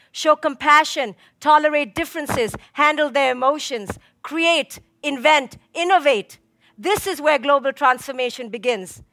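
Bright emphatic woman giving a stage talk. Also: sits high, no room sound. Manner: measured, dramatic pauses, emphatic lists. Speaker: speaker, clinical psychologist. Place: conference stage. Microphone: stage microphone.

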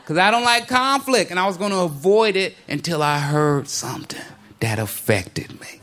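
A man doing a stand-up comedy set, telling his story in a laid-back way with sudden high-pitched outbursts. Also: expressive, normal speed, sharp tone. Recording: live comedy club with crowd laughter and noise.

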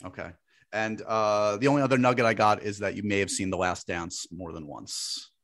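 A man's voice: on the low side, fairly even intonation, moderate pace, a bit bright. A man hosting a podcast in casual chat, talkative and self-deprecating, with many fillers and restarts. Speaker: podcast host.

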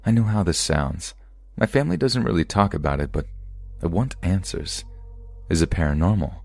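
A man reading true scary stories aloud as a podcast narrator, in a calm, even storytelling delivery. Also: low voice, normal speed, vocal fry, dry recording.

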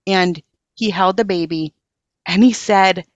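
A woman's voice: medium pitch, measured pace, no echo, highs cut off. A woman hosting a podcast interview who talks earnestly and reads a moving story aloud. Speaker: podcast host.

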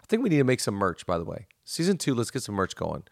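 A man's voice: medium pitch, wildly swooping pitch, vocal fry, no echo, studio quality. A man hosting a podcast, enthusiastic and effusive, chatting casually. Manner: enthusiastic, effusive, quick affirmations. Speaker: podcast host.

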